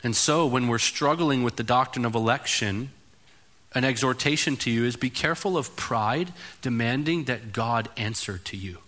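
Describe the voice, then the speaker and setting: Bright-voiced, emphatic male preacher. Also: mid-range voice, moderate pace. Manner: emphatic, animated, conversational preaching. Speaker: pastor. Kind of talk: sermon.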